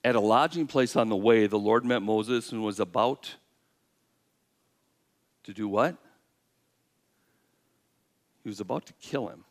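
This pastor has a fairly low voice and a measured pace marked by long pauses. He brings the sermon alive by acting out God and Moses and asking the audience questions.

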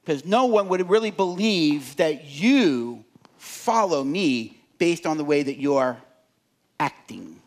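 A calm, fatherly God gently rebukes a hotheaded driver, as a preacher puts him on mid-sermon. He speaks patiently, dropping lower and softer than the preacher's usual lively voice, with a pitch that still moves freely. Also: slow pace. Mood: gently scolding.

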